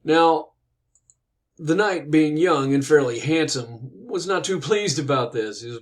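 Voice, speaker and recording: A man's voice: fairly high pitch, unhurried. Man retelling a tale off the cuff, conversational, chatty asides. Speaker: storyteller.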